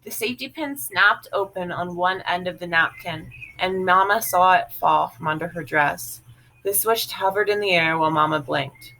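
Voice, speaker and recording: A woman reading a literary novel aloud in a measured, even way. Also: on the low side, gravelly, a little hiss or hum, poor audio. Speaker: audiobook reader.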